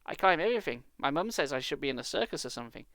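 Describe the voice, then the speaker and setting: A man's voice: a little high, big pitch swings, very fast, a bit bright, dry recording, clean studio sound. A man voicing a cocky, mischievous young boy with a sly, boastful manner.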